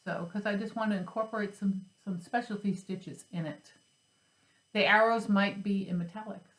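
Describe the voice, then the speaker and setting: A woman's voice: medium pitch, moderate pace, fairly bright tone. Chatty woman in an echoey craft room. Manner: chatty, rambling, self-deprecating. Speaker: flosstube host. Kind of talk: casual chat about crafts.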